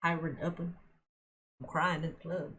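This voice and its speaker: A woman's voice: low-pitched, level tone, normal speed, a bit bright. A woman streaming a visual novel, reading the story aloud and reacting emotionally with lots of giggling. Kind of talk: let's play commentary and reading aloud.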